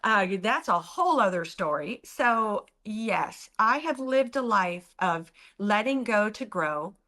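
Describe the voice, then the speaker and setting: A woman telling stories as a guest in an interview, animated and acting out the people in them. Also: mid-range voice, takes it slowly. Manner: animated, acts out other people's voices. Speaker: guest, business founder. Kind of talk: storytelling in an interview.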